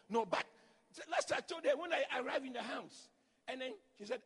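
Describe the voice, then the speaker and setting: High-voiced preaching man, hall echo. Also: brisk. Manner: animated, acts out quotes, shouts for emphasis. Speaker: pastor. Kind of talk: sermon. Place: church.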